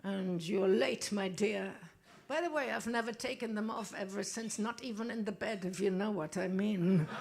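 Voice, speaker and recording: A woman doing a quick impression of a sultry, teasing cabaret diva, coy and mock-scandalized, with French phrases mixed in, on a club stage. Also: medium pitch, creaky, darkish tone, slight background noise, natural voice. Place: stage of a small music club.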